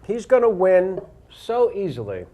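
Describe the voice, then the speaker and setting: High-pitched teasing male guest. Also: huge pitch swings, a little slow, mellow. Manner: teasing, mock-complaining. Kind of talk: comic banter.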